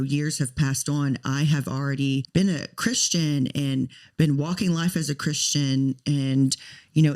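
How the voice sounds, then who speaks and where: A woman's voice: low-pitched, a little mellow. A woman in her thirties co-hosting a podcast, telling a personal story in an earnest, talkative way. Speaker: podcast co-host.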